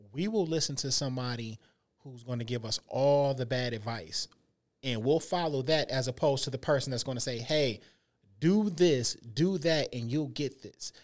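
Emphatic colloquial man co-host. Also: mid-range voice. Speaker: podcast co-host. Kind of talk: casual chat.

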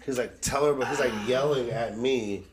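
A man's voice: medium pitch, moderate pace, crowd noise. A young man co-hosting a podcast, telling a story in a laid-back, casual way and swearing now and then. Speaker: podcast co-host.

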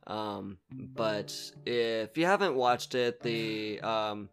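A man's voice: lowish voice, slow pace, a bit bright. Man podcast co-host, easygoing rambler, lots of "um" and "like", guitar music under him. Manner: rambling, full of fillers, agreeable. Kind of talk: casual chat.

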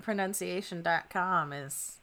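Bright-voiced giggly woman podcaster. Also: fairly low pitch, a little slow. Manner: giggly, self-deprecating, chatty. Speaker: podcast co-host. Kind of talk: casual chat.

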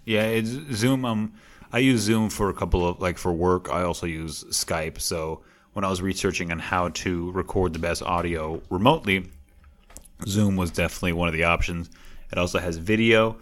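Deep-voiced man, relaxed podcast co-host. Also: normal speed. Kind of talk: casual podcast chat.

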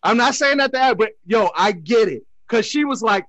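A man's voice: high-pitched, lively intonation, normal speed, muffled recording, a crowd in the background. A man hosting a podcast, bantering and laughing with crude jokes in casual chat. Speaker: podcast host.

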